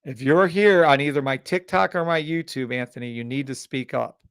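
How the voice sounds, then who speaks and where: A man hosting a live trading stream, pitching a scanner and ranting bluntly at viewers, swearing freely and sounding exasperated. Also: moderate pace, a bit bright, clean tone, no room sound, studio quality. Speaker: trading livestream host.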